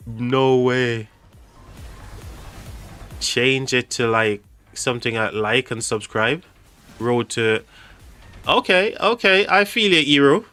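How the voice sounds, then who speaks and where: A man's voice: medium pitch, slow pace, long pauses, sharp tone, clear, resonant tone, soft background music. A man hosting a casual livestream, reading chat aloud and laughing often. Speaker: livestream host.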